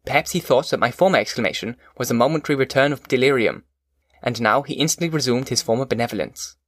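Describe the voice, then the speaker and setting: A man narrating a classic novel as an audiobook in a measured, formal reading. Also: medium pitch, a bit bright, no room sound, clean studio sound.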